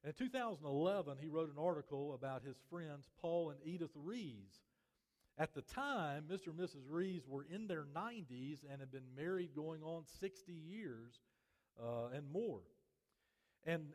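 Pastor preaching in a reverberant hall. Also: male voice, a little high, lively intonation. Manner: measured preaching, drops softly at phrase ends. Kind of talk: sermon. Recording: long reverb of a church hall.

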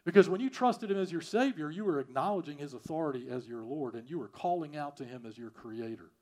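A man preaching a sermon, repeating phrases and swinging from loud emphasis to quiet, prayerful lines. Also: fairly high pitch, expressive, quick pace. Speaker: pastor.

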